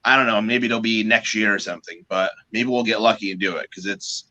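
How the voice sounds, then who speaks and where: A man, a guest musician, telling stories in a casual, animated way, swearing freely and restarting his sentences. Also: lowish voice, a little fast, muffled recording. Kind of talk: casual storytelling.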